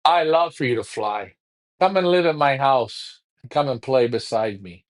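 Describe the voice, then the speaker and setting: A man's voice: mid-range voice, lively intonation, unhurried. A man hosting a pigeon racing show in casual talk, taunting a rival with repetitive trash talk.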